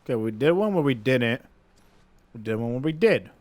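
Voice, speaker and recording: A man streaming a game, giggly and playful in casual commentary, high from an edible. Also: expressive, moderate pace, darkish tone, no room sound. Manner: giggly, playful, swears loosely.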